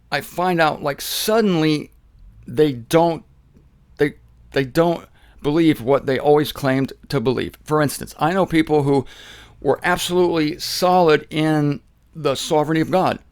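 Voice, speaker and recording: A man giving a casual spoken Bible teaching, animated, repeating phrases for emphasis. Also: fairly high pitch, unhurried, pauses often, clean tone.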